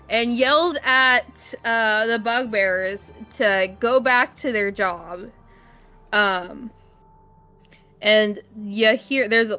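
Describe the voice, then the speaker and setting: A woman runs the table as game master, talking at a slow, halting pace with frequent pauses and fillers. Her voice sits fairly high. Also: sharp tone. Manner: unhurried, hesitant narration with many fillers.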